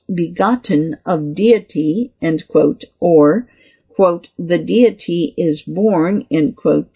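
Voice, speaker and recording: Slow gravelly voice reading aloud. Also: medium pitch, a little mellow. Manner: reads quote marks and punctuation aloud. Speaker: article reader. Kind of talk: reading a scholarly article aloud.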